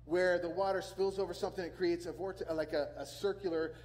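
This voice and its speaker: Pastor, male, fairly high voice, earnest sermon delivery with lots of repetition, long hall reverb. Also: fairly even intonation, fairly quick, darkish tone. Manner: earnest, repeats words and phrases for emphasis.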